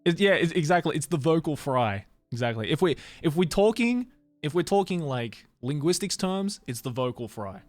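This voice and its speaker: Animated male streamer chatting. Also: fairly high pitch, normal speed, no echo, faint music behind. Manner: animated, laughs often, casual swearing, heavy "like" fillers. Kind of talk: casual live-stream chat. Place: home streaming room, Tokyo.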